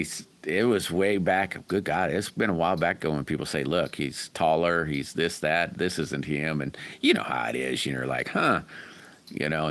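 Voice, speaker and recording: A man's voice: low-pitched, a bit bright. A middle-aged man hosting a casual livestream, rambling folksily and chuckling while he answers viewers by name. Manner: chatty, rambling, chuckles often. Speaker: livestream host. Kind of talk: casual livestream chat reading viewer comments.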